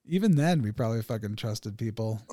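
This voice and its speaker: A man's voice: on the low side, animated, brisk, warm tone, no room sound, studio quality. A man hosting a podcast in casual chat, laughing often and swearing as he acts out quoted people. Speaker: podcast host.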